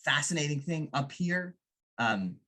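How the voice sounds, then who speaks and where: A man from Vermont giving a public history lecture on archaeology, animated and often checking in with the audience. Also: a little high, a little slow. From Vermont, USA. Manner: animated, often ends with a questioning "right?".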